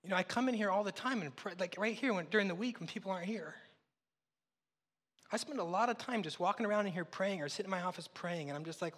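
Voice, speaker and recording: A man's voice: sits high, quick pace, a bit bright, big-room sound. A man preaching a sermon as pastor, telling stories in a conversational, self-deprecating way. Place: church sanctuary.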